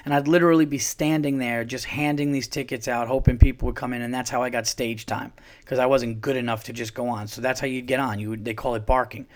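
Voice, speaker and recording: A man's voice: mid-range voice, steady tone, fast. A comedian from New York, a man telling a long story casually, rambling and swearing with many restarts. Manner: rambling, profane, with frequent restarts. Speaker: comedian, podcast host.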